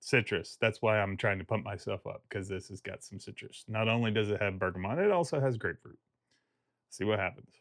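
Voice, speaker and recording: A man's voice: fairly low pitch, a little fast, dry recording, clean studio sound. Chatty man rambling through a review. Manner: chatty and rambling, jokes at his own expense. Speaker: fragrance reviewer. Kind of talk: casual review vlog.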